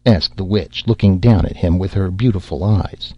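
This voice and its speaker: Male audiobook narrator, deep and husky, measured, dry slightly dull sound. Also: dry recording.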